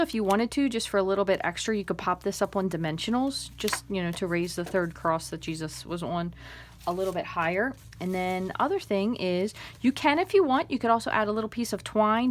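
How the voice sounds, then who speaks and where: A woman giving a chatty, step-by-step crafting tutorial, explaining each move as she works and murmuring soft asides. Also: medium pitch, slight background noise. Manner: chatty, step-by-step instructions with fillers. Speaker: craft demonstrator.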